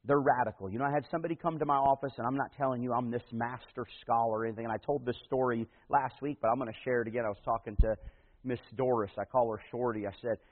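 Male pastor, sermon delivery, husky tone, emphatic build-ups, tinny lo-fi phone-like audio. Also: mid-range voice, steady tone, quick pace, big-room sound. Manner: preaching, rising to loud emphatic peaks.

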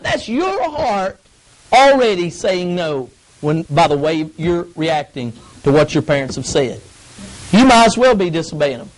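A man's voice: very high-pitched, poor audio. A man preaching a folksy, emphatic sermon to young people in church. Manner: folksy, emphatic, acts out grumbling kids. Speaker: youth pastor.

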